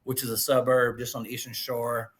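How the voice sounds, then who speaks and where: A man's voice: mid-range voice, completely flat delivery, a little fast. Laid-back man in his forties. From Gulf Coast of Alabama, US. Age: 40s. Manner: laid-back, folksy, peppers talk with "man" and "dude". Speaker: guest pitmaster. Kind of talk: casual storytelling.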